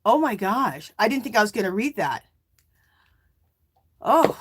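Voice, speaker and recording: A middle-aged woman hosting a casual live stream, chatting and reading viewer comments aloud in a warm, emotional way. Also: mid-range voice, very animated, measured pace, pauses often, slightly rough. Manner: warm and emotional, near tears.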